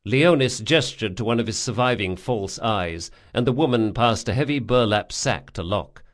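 A man's voice: fairly low pitch, animated, moderate pace. A man narrating an audiobook, reading with dramatic expression. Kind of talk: scripted narration.

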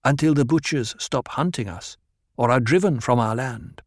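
In a dry recording with no room sound, a man uses a high put-on voice to play an anxious, proud young desert woman, speaking in a raised, insistent, pleading way. His natural voice moves at a moderate pace, and the mood is wary.

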